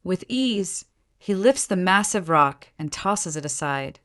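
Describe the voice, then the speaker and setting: A woman's voice: fairly low pitch, a little slow. A woman narrating a comic story recap in a scripted storytelling style, reading all the characters' lines herself. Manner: even storytelling, voices every character lightly.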